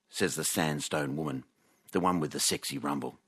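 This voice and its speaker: A man hosting a radio comedy show and telling a self-mocking story to a studio audience in a wry, deadpan way. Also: extremely low pitch, moderate pace, husky. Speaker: radio host.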